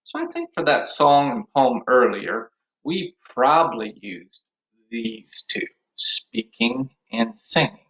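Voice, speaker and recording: A man teaching an online music lesson to young children, speaking gently and encouragingly. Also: medium pitch, animated, slow, slightly rough. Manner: gentle, encouraging, sings simple songs with kids. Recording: roomy, slightly dull home video audio.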